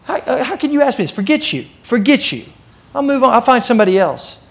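A man's voice: extremely high pitch, big pitch swings, quick pace, vocal fry, pitched above the performer's own voice, full character voice. A man doing a huffy, vain angel. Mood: indignant. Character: indignant proud angel, male.

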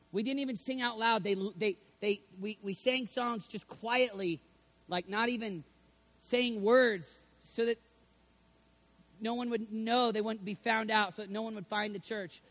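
Bright, high-voiced preaching man. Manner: dynamic, swings from hushed to shouting. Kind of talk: sermon.

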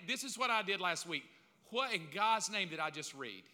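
With a high, animated, bright and forceful voice at normal speed, a middle-aged man delivers a sermon as a pastor. He tells the story humorously and mimics a crowd's voices, his words echoing with a large hall's long reverb.

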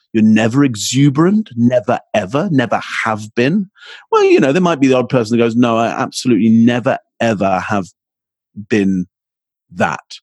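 A man speaking as a communications expert guest in an interview, energetic and acting out little exchanges as he explains. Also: breathy edge, dry recording. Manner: energetic, acts out quoted exchanges with rising pitch. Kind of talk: animated interview answer.

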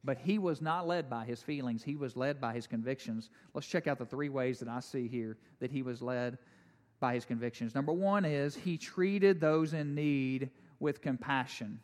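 A man preaching a sermon, animated and conversational, with jokes and asides to the congregation. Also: fairly high pitch, in a large hall. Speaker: pastor.

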